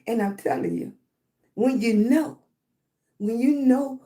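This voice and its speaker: A woman with a dark-toned voice on the high side takes her time, leaving long pauses. She's giving a motivational live-stream talk about self-love, repetitive and keen on asking "right?", while clearing her throat because of chest congestion.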